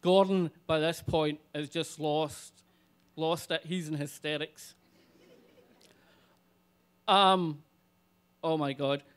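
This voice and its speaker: A man telling a comic personal story live on stage, animated and swearing freely. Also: fairly high pitch, slow, long pauses, clean tone.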